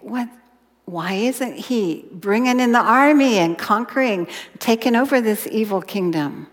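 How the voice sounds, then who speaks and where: A woman teaching a Bible lesson in an expressive sermon style, sometimes dropping to a whisper for emphasis. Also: medium pitch. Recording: long hall reverb.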